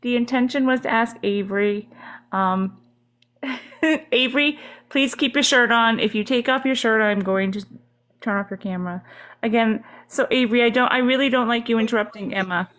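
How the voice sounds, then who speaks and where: A woman's voice: on the high side, normal speed, fairly bright tone. A woman hosting a live-stream debate who firmly keeps order among the speakers. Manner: firm, calls order, says "okay" often. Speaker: host.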